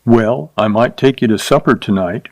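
A man's voice: on the low side, moderate pace, darkish tone, no room sound. A man voicing a meek young cowboy who speaks apologetically and pleads in a storybook reading. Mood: apologetic.

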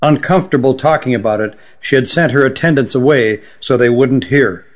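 A man reading a fantasy story aloud in measured, even scripted narration. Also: mid-range voice. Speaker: audiobook narrator. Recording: dull lo-fi recording.

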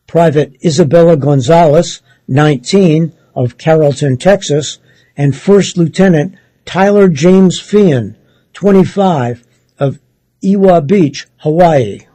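Brief: man reading a news article aloud, mellow and husky tone, dry close sound. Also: fairly high pitch, no echo, rough recording. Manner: measured, steady read with occasional self-corrections.

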